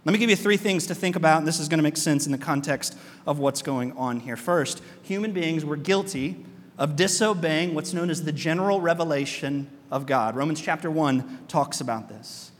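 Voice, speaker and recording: High-voiced preaching man in a reverberant hall. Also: normal speed. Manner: animated preaching with rhetorical questions. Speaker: pastor. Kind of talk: sermon. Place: church.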